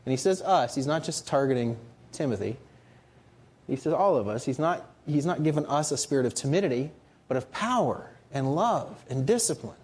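Male preacher, husky tone, animated delivery, earnest and emphatic. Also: mid-range voice, moderate pace. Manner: earnest, rising to emphatic rhetorical questions. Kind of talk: sermon.

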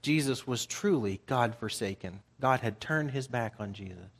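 A man's voice: mid-range voice, expressive, normal speed, breathy edge. A man preaching a sermon, reading scripture aloud and explaining it in plain, conversational terms.

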